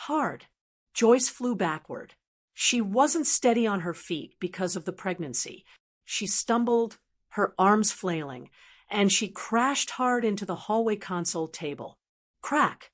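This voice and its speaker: A woman reading a first-person story aloud in a tense, dramatic narrating manner. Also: mid-range voice.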